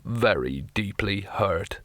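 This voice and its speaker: A man reading an audiobook puts on a huge, gentle troll who speaks slowly and sorrowfully, weighing each word. The voice sits low and dry, with a bright, forceful edge. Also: animated, dry recording, exaggerated voice. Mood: mournful. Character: huge gentle melancholy male troll sailor. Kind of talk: audiobook character voice.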